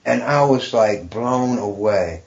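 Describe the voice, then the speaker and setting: A middle-aged man, a stand-up comedian guest, telling a story in a profane, animated way, laughing often. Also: medium pitch, takes it slowly, creaky. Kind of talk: casual storytelling. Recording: dull lo-fi podcast recording.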